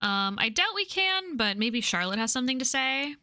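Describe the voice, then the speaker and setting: A woman streamer talks through a game, curious and chatty, muttering and laughing as she explores. Her voice is bright and a little high, picked up by a close mic with a dry sound. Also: sing-song, normal speed, no echo. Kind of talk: let's play commentary.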